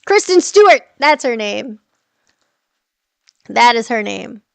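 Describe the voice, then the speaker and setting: Middle-aged woman streamer, gravelly, a touch high, casual, swears freely. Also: sing-song, takes it slowly, no echo. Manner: chatty, swears freely, laughs often, answers viewer comments. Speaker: livestream host. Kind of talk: casual livestream chat.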